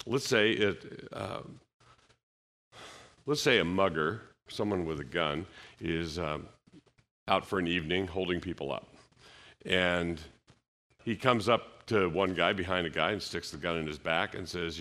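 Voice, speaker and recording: A man with a very low voice that still has a bright, forceful edge. He speaks at a conference in a loose, conversational way, full of fillers and restarts, and he acts out short bits of dialogue. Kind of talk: conference talk on apologetics.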